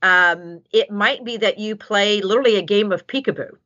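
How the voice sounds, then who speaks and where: A woman dog trainer giving casual, animated advice and acting out what a dog might say. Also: medium pitch, normal speed. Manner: animated, acts out dog voices. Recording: dull lo-fi sound.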